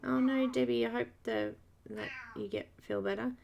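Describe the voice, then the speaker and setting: A woman hosting a live coloring stream, slightly croaky, chatty and greeting viewers by name with frequent laughs. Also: fairly high pitch, fairly even intonation, moderate pace, lo-fi sound. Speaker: art channel host.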